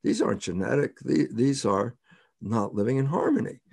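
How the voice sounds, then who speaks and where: A man's voice: mid-range voice, sing-song, normal speed, creaky, a little mellow, slightly rough, no room sound, clean studio sound. An older man being interviewed as a scientist, explaining in an emphatic way, repeating key words and quoting himself.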